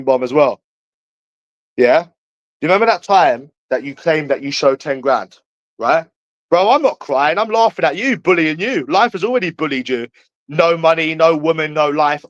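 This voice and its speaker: A man's voice: on the high side, a bit bright, dry recording. A man with a London accent in a heated livestream rant, taunting and repeating himself. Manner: taunting, repetitive, jeering.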